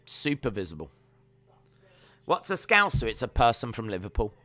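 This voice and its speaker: A man's voice: mid-range voice, sing-song, normal speed, bright, forceful tone, dry recording. A young man hosting a live stream, chatting casually with his viewers and breaking down fights, often trailing off with fillers. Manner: chatty, reads out chat questions, trails off with fillers. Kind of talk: casual watch-along commentary.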